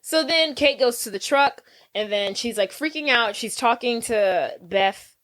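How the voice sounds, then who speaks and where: A woman with a fairly high voice co-hosts a casual movie podcast. She retells the plot with lively energy and slips into the characters' voices as she goes. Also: unhurried. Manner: animated, acts out characters' lines while retelling. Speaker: podcast co-host. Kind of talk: casual movie recap chat.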